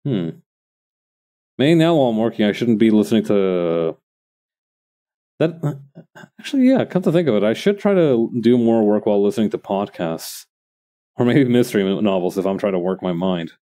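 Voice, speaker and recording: Male streamer, casual crafting chat, low mellow voice, lively swinging pitch, rambling. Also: moderate pace, long pauses. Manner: rambling, thinking aloud to viewers.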